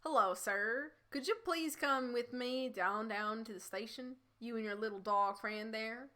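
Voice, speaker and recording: A woman's voice: on the high side, a little slow, sharp tone. A woman voicing a drawling male police officer with a put-on Texan accent.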